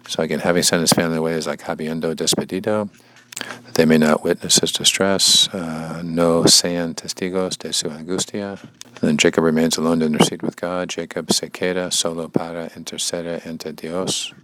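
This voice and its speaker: A man with a very deep voice reads a devotional text aloud and stops to explain it in casual words. He repeats key lines and sometimes slips into a near-whisper. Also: little pitch movement, moderate pace, a bit bright, rough recording. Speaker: bible study teacher and language learner.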